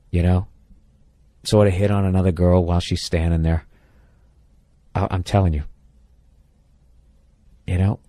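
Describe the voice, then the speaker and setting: A man's voice: deep voice, warm tone, dry recording. A man hosting a podcast, giving blunt, profane, exasperated relationship advice in a casual comedic rant.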